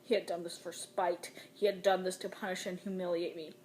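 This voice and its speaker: A woman reading a novel aloud in the first person with dramatic, expressive delivery. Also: on the low side, fairly quick. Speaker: audiobook reader.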